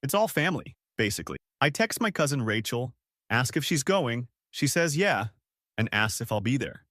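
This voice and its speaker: A man in his twenties narrates his own story in a casual, slangy first-person style, spelling out abbreviations. His medium-pitched voice is very animated and a bit bright at normal speed, recorded cleanly in a studio with no echo.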